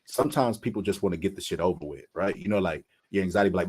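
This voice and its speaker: A man hosting a casual boxing chat, animated and profane, often acting out quotes. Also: deep voice, fast talker, hardly any pauses, husky. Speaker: boxing channel host.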